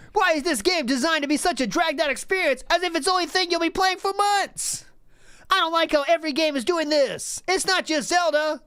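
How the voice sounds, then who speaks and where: A woman's voice: high-pitched, fairly bright tone, dry recording, studio quality, voice pushed up. A woman voicing a frazzled male gamer who rants and whines at length, in an exaggerated mocking tone.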